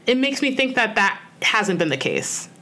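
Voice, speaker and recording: A woman's voice: on the high side, big pitch swings, moderate pace, sharp tone. A woman co-hosting a podcast in casual conversational chat, earnest and reflective, with frequent "like" and "you know" fillers. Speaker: podcast co-host.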